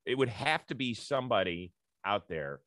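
A man's voice: on the low side, animated, moderate pace, a bit bright, no room sound. A man hosting a podcast, trading casual banter and plugging upcoming episodes with a chatty manner. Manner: chatty, hypes guests and sign-offs. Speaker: podcast host.

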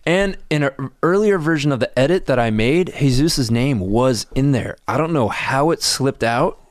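A man's voice: mid-range voice, normal speed, dry recording, clean studio sound. A man on a podcast, telling skate filming stories casually, swearing freely and acting out what people said. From Southern California. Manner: animated, swears freely, acts out quotes with laughter. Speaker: skate filmmaker guest.

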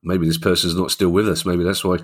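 Deep-voiced podcast host. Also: male voice, little pitch movement, brisk. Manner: wry, joking, reads listener questions. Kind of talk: casual chat.

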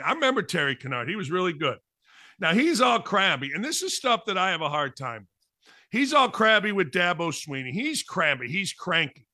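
A man's voice: fairly high pitch, bright, forceful tone, dry recording, studio quality. A middle-aged man and former coach hosting a sports talk show, brash, blunt and sarcastic in his opinions.

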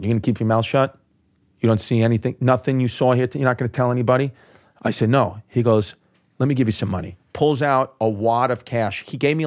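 Profane New man telling a story. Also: medium pitch. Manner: quick, profane, acts out quoted voices. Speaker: comedian guest. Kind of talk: animated storytelling.

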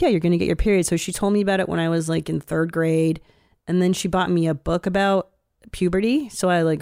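Gravelly, animated woman podcast host. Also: fairly low pitch, no room sound, studio quality. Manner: rambling, expressive, swears, laughs often. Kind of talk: casual podcast chat.

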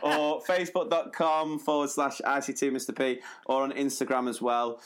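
A man co-hosting a teachers' podcast in casual, relaxed chat, chuckling now and then. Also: mid-range voice, normal speed.

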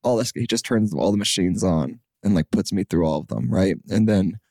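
A young man in his twenties chatting casually as a podcast guest, rambling with lots of "like" and getting animated when he quotes people. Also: low-pitched, normal speed, dry recording, clean studio sound. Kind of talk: casual chat.

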